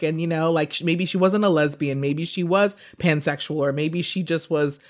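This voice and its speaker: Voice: mid-range voice, fairly even intonation, normal speed, few pauses. A podcast guest talking casually, hedging and meandering, laughing now and then. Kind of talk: casual chat.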